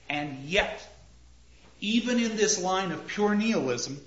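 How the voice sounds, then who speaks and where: A man teaching a class on poetry, reading lines aloud slowly and rhythmically and putting questions to the students. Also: sits high, animated. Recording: roomy, dull lo-fi classroom recording.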